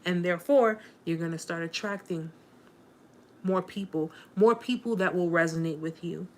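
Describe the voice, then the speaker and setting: Speaking at a moderate pace with a fairly low pitch, a woman hosts a casual live chat with her viewers. She comes across as warm and encouraging, openly emotional, and prone to rambling, with many fillers and restarts.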